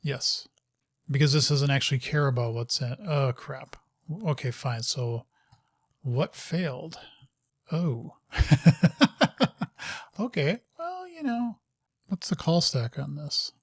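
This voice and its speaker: Slow-talking man thinking aloud while coding. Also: mid-range voice, slightly rough, no echo, studio quality. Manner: muttering to himself and scolding his code; casual, self-mocking asides. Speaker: host of a live coding session.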